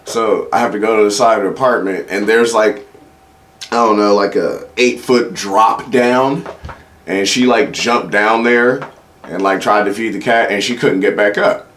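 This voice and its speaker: A young man with a fairly low voice telling stories in a loose, rambling way. He is a comedian talking alone on his podcast, swearing freely and acting out what people said. His delivery stays relaxed and conversational. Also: moderate pace, a little hiss or hum. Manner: profane, laid-back anecdotal delivery with quoted voices. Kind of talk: casual solo podcast storytelling.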